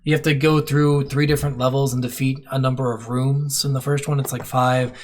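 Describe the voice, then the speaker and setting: A man's voice: medium pitch, level tone, fairly quick. A man co-hosting a video game podcast, chatting casually, blunt and swearing freely. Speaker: podcast co-host. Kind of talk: casual chat.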